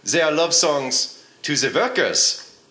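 A man's voice: a little high, slow, a little hiss or hum, exaggerated voice. A man putting on a pompous German-accented revolutionary. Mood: mock-lecturing. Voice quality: pompous, deadpan mock-lecturing. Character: male Marx parody with put-on German accent, pompous. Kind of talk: improv comedy character bit. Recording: echoey live room.

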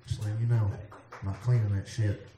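A man's voice: fairly low pitch, level tone, fairly quick, dark tone, echoey room, distant mic, a little hiss or hum. A drunk man rambling through a profane comic bedtime speech with loose asides. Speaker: comedian.

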